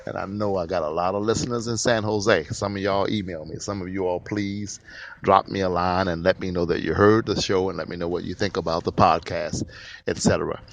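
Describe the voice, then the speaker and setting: A man's voice: low voice, steady tone, a little fast, vocal fry. A man hosting his own podcast, talking in an emphatic way and repeating phrases for stress. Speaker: podcast host. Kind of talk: solo podcast monologue.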